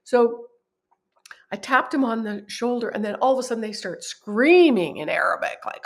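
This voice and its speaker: A woman guest on a podcast, telling a personal story in a vivid, animated way and often laughing at herself. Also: on the high side, normal speed. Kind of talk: personal storytelling in a conversational interview.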